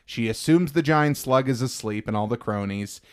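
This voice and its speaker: A man's voice: mid-range voice, moderate pace. A man hosting a podcast, enthusiastically walking through film scenes in a casual way with frequent "like". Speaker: podcast host.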